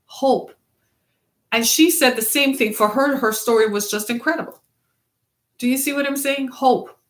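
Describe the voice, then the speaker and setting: A woman's voice: high voice, moderate pace. A middle-aged woman hosting a web series, giving an earnest, preacher-like motivational talk and asking the listener questions.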